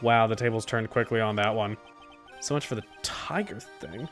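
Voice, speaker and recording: A woman's voice: very deep voice, normal speed, faint music behind. A woman streamer giving wry, offhand commentary while playing a video game. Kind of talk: casual let's-play commentary.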